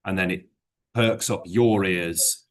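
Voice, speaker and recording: A man with a deep, low voice tutors a learner in a relaxed one-to-one lesson. He rambles and hedges, leaning on fillers, then settles into explaining with worked examples. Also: slow pace. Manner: rambling, hedging, full of fillers. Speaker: English exam teacher.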